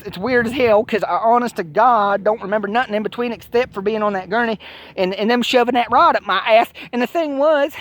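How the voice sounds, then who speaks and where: Stammering man telling a comic tale. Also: high voice. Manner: stammering, rambling, mock-distressed. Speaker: comic storyteller. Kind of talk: comic monologue.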